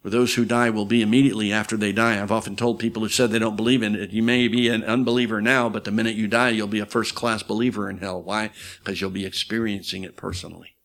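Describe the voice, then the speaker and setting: A man preaching a sermon, telling stories dramatically, swinging loud for quoted voices and dropping low for emphasis. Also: flat delivery, fast.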